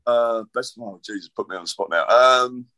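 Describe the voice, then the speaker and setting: A man's voice: medium pitch, moderate pace, sharp tone, dry recording. A middle-aged man, a guest author rambling through casual chat with self-deprecating jokes.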